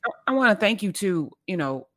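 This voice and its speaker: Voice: medium pitch, big pitch swings, a little fast, bright, forceful tone. A host in an interview, speaking in a reflective, thankful way.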